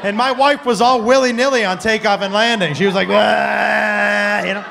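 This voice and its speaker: A middle-aged man doing loud, profane, animated stand-up comedy in a comedy club, speaking into a handheld mic. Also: high-pitched, fast, a little hiss or hum. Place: comedy club stage before a live audience.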